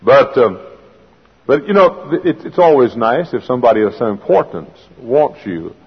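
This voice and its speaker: A man's voice: medium pitch, very animated, normal speed, husky. A man preaching a sermon, moving from folksy storytelling to fervent preaching. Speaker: pastor. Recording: dull lo-fi sound with long hall reverb.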